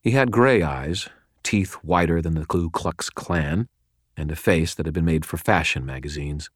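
A man reading a first-person audiobook narration in a wry, deadpan storytelling manner. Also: rumbling low, moderate pace, no echo, studio quality.

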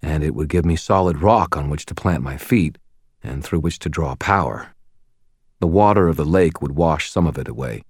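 Deep-voiced man narrating an audiobook. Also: darkish tone, slightly rough, dry recording, clean studio sound. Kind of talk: first-person novel narration.

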